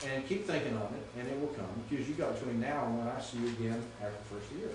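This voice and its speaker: A man lectures a class as a Greek teacher, talking fast at a medium pitch while patiently checking that everyone understands. The echoey room is recorded from afar, with a noisy background.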